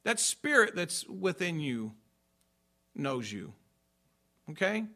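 Bright, high-voiced preaching pastor. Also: male voice, very animated, slow. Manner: emphatic preaching, repeats points and checks understanding. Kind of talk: sermon.

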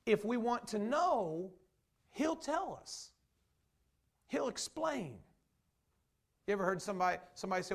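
In a relaxed, conversational sermon, a pastor restarts sentences and acts out what people said. His voice is high for a man with a gravelly edge, at normal speed with frequent pauses.

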